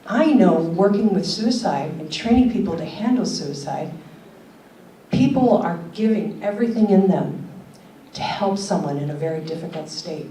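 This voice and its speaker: A woman's voice: on the low side, expressive, normal speed, mellow, a little hiss or hum. An older woman, a keynote speaker at a conference, talking earnestly and telling stories. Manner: earnest, questioning, tells stories. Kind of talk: conference talk. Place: conference hall. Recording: roomy hall audio from a distance.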